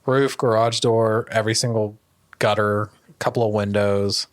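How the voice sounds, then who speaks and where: A man's voice: lowish voice, steady tone, normal speed. A man co-hosting a podcast in casual chat, giving short laid-back replies and swearing offhandedly. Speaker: podcast co-host.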